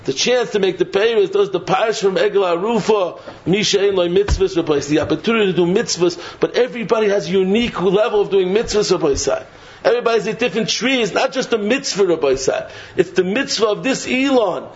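High-voiced man preaching a sing-song Torah sermon. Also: fast talker. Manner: sing-song preaching, refrain dropping low and soft. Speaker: rabbi giving a Torah talk. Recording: dull lo-fi recording.

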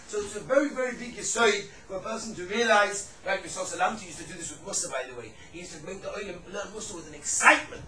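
A man's voice: sits high, bright, forceful tone, far from the mic. A man giving a religious lecture on Jewish law and ethics. He tells stories with animation, repeats his phrases, and mixes Hebrew and Yiddish terms into his speech. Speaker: religious teacher. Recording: echoey room, mic set back, faint background noise.

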